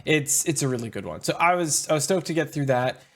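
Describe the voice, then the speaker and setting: A man's voice: a little high, expressive, a little fast, fairly bright tone. A man hosting a podcast, chatting in an easygoing, enthusiastic way. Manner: easygoing, enthusiastic about books. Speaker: podcast host. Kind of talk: casual podcast chat.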